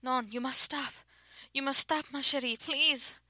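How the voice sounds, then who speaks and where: A woman voicing a sultry, purring female feline demon who speaks in a breathy whisper with bits of French. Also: mid-range voice, fairly even intonation, a little slow, pushed and bright, no echo, heavily acted. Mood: panicked pleading.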